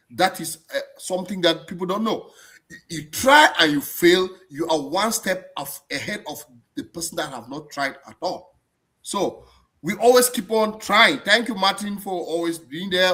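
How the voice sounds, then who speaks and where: A man hosts a live stream in an animated, chatty way. His voice sits a little high and swings widely in pitch, with a bright, forceful edge. He often repeats words and restarts his sentences. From abroad, not German-born. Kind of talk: casual live-stream chat.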